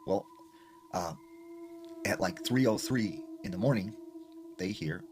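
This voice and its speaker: A man's voice: on the low side, takes it slowly. A man casually retelling a scary story he heard, talking in a loose, conversational way with lots of fillers. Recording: noisy ambient recording.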